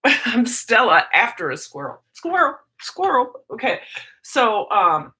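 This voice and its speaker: A woman hosting a casual live stream, chatting excitedly and greeting viewers by name. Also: mid-range voice, a little slow.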